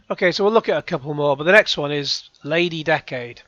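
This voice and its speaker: A man's voice: on the high side, moderate pace, pushed and bright, no room sound, dull audio. A man giving rambling, sarcastic commentary as a YouTube reaction host. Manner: rambling, sarcastic, with frequent sighs and restarts.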